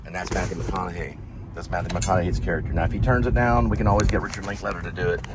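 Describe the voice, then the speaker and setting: A man's voice: deep voice, steady tone, rapid-fire. A man chatting casually and rambling while driving, joking and repeating phrases. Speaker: vlogger, delivery driver. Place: inside a vehicle while driving. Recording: loud vehicle road noise.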